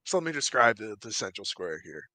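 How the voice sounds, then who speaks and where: A man's voice: lowish voice, very animated, a little fast, sharp tone, no echo. A man narrating as game master of a tabletop game, loose and profane. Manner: loose, profane, self-mocking.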